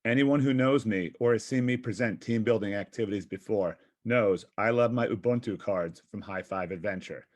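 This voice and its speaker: A man's voice: lowish voice, moderate pace, hardly any pauses. A man presenting a physical education workshop, upbeat and encouraging as he explains a team-building game.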